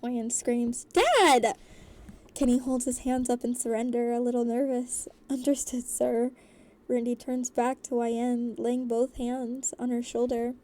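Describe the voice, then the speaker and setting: A woman voice actor narrating a fan story in a lively, giggly way. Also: on the high side, normal speed, few pauses.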